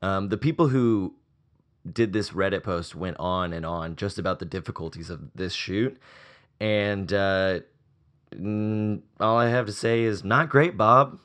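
Brief: deep-ish male co-host, loose rambling delivery full of "like" and "um". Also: unhurried, a bit bright. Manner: rambling with many fillers. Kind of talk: casual movie podcast chat.

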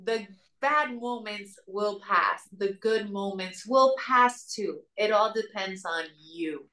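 A woman's voice: mid-range voice, slow, pushed and bright. A woman with a Dominican Spanish accent, telling a story earnestly as an interview guest. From Dominican Republic. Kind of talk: casual interview conversation. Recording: roomy sound, distant mic.

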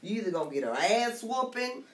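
A woman's voice: on the high side, fairly quick. Blunt, streetwise middle-aged woman. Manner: blunt, streetwise, animated storytelling. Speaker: guest sharing her story. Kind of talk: casual conversation. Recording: echoey room, somewhat far from mic.

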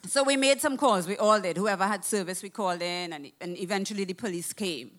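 A woman telling a personal travel story in a casual, animated way, swearing freely. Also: mid-range voice, brisk. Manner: animated, profane, acts out quoted voices.

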